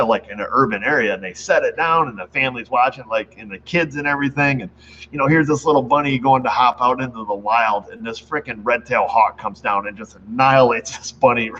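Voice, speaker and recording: A man's voice: mid-range voice, fairly bright tone. Middle-aged shop guy from new york chatting to viewers, keeps chuckling, faint noise behind him. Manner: rambling, laughs at own stories. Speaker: auto shop owner, channel host. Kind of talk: casual chat to viewers. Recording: dull lo-fi sound with faint background noise.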